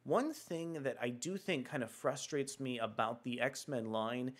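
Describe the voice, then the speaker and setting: A man's voice: mid-range voice, a little slow. Chatty man hosting a comics livestream. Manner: chatty, enthusiastic, frequent fillers. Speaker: livestream host. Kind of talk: casual comics news livestream.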